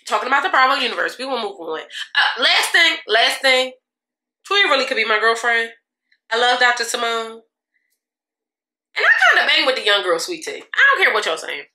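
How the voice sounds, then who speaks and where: A slightly high, bright voice with a forceful tone belongs to a young beauty vlogger. She laughs often and chats sassily to viewers while getting ready in a casual get-ready-with-me, recorded in an echoey space.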